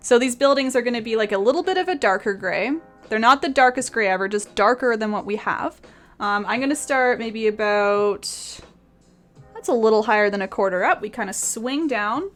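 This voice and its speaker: A woman's voice: on the high side, expressive, fairly quick, faint music behind. A woman teaching painting on a live stream, chatty and laughing often as she answers her chat.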